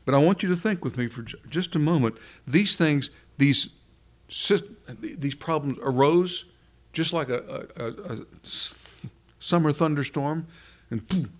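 A man preaching a sermon in an earnest, rhetorical way, repeating questions for emphasis. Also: medium pitch.

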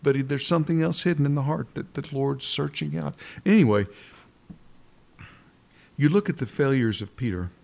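A man's voice: mid-range voice, gravelly, a little mellow. A man delivers a sermon in a mid-range voice, earnest and fervent. He repeats phrases for weight and often restarts his words. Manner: restarts and halting repetitions. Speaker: preacher.

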